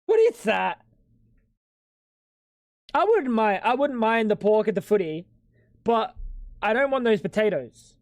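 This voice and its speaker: A man's voice: high voice, sing-song, unhurried, pauses often, no echo. A young man streaming live at home, bantering with chat in a crude, joking way. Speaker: livestreamer.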